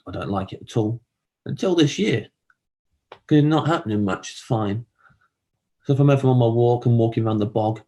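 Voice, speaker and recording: A man performing a rambling, self-deprecating stand-up monologue, often jumping up high to act out other people. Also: creaky. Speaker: comedian.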